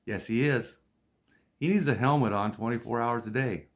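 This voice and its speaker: A man in his fifties telling funny stories about his friends in a casual, exasperated, deadpan way, with wry asides. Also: mid-range voice, normal speed, lo-fi sound. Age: 50s. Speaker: storyteller vlogger. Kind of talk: casual comic storytelling.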